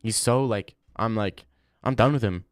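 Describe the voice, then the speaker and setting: A man's voice: lowish voice, moderate pace, smooth, dry recording, clean studio sound. A young man hosting a livestream, chatting casually and reading viewer comments, rambling and slangy. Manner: rambling, slangy, says "bro" often. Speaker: livestream host.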